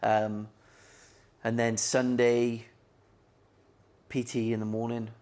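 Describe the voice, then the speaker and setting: A man's voice: medium pitch, level tone, takes it slowly, darkish tone. Laid-back young man. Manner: laid-back, laughing, swearing. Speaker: podcast co-host. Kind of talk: casual chat.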